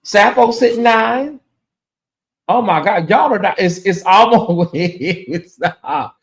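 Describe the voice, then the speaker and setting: A man's voice: high voice, lively intonation, slow pace. A man hosting a casual livestream, chatty and emotional, sounding sleepy as he thanks viewers by name. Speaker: livestream host.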